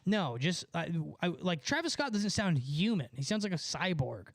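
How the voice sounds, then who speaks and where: A young man with a notably high voice chatting on a livestream, rambling and swearing with excitable energy. The sound is close and dry, with no room around it. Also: moderate pace, no echo. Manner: rambling, profane, excitable, lots of filler. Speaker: musician streaming to chat. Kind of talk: casual livestream chat.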